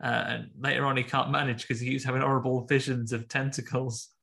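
A man's voice: medium pitch, level tone, fast, vocal fry, a bit bright. A man co-hosting a podcast, chatting casually and jokingly about a film. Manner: jokey, puts on silly voices in asides. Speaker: podcast co-host. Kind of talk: casual comedic chat.

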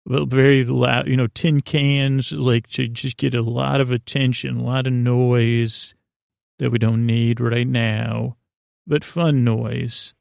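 A man's voice: mid-range voice, flat delivery, slow, vocal fry, darkish tone, dry recording, studio quality. A man hosting a podcast, telling a meandering story in a casual monologue and searching for words as he goes. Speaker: podcast host.

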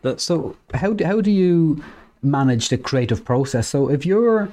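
A man's voice: on the high side, expressive, a little slow, warm tone. A man co-hosting a podcast, asking an interview guest questions in an easygoing way. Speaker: podcast co-host. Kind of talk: casual interview chat.

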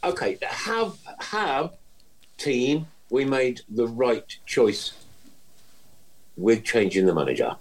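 Lively, husky-voiced male podcast host. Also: medium pitch, slow pace, long pauses, poor audio. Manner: chatty, laughs often, many fillers. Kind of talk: casual football chat.

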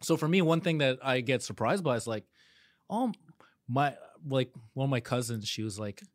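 A man hosting a podcast, chatting in a relaxed, agreeable and reflective way. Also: mid-range voice, moderate pace, no room sound, studio quality. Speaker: podcast host. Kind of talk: casual podcast chat.

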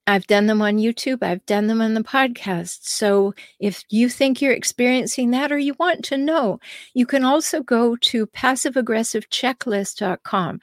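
Here a relationship coach runs her own show alone, giving advice directly to the listener and frequently asking rhetorical questions. Her voice is on the high side, captured cleanly in a studio without any room sound.

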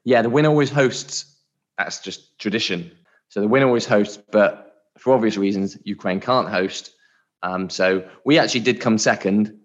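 A man co-hosting a podcast, chatting in a relaxed way and laughing easily. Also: lowish voice, normal speed, muffled recording. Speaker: podcast co-host. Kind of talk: casual educational chat.

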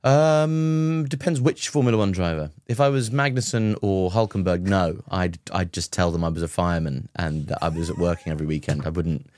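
A man's voice: low voice, brisk, few pauses, a little mellow, no room sound. A man co-hosting a podcast in casual chat, making wry, dry quips. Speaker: podcast co-host.

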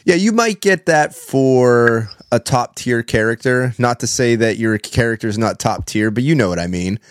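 A man hosting a podcast in casual chat, laid-back with drawn-out fillers. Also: medium pitch, lively intonation. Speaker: podcast host.

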